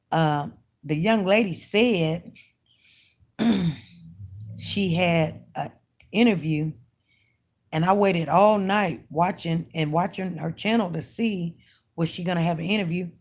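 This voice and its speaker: A woman's voice: lowish voice, a little mellow. A woman who runs an online news channel, chatting emphatically and casually to her viewers as she tells a story. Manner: chatty, emphatic, talks straight to her audience.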